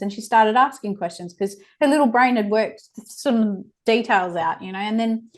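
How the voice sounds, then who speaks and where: A woman's voice: on the high side, moderate pace, few pauses. A woman in her forties, a guest on a podcast interview, telling stories frankly and with animation. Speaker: guest, child abuse prevention educator.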